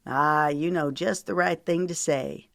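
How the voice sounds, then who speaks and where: A woman's voice: sits low, unhurried, creaky, dry recording, studio quality. A woman voicing an affectionate young man in a romance audiobook, with light, playful teasing.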